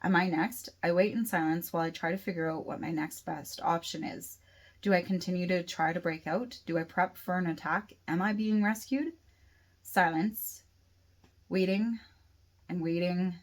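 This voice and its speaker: Woman narrator, author reading her novel, low-set voice, steady first-person audiobook read. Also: moderate pace. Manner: steady reading with occasional restarts.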